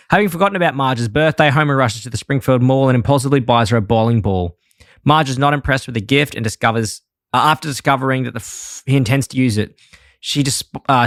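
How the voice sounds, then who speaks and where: A man co-hosting a podcast in casual chat, excitable and quick to laugh. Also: mid-range voice, no room sound, studio quality. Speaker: podcast co-host.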